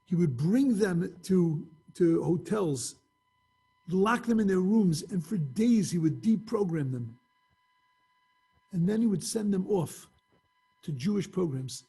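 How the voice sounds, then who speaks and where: A man's voice: sits high, animated, takes it slowly, long pauses, warm tone, breathy edge. A man teaching an informal Torah class over a video call, telling stories with acted-out dialogue in a conversational way.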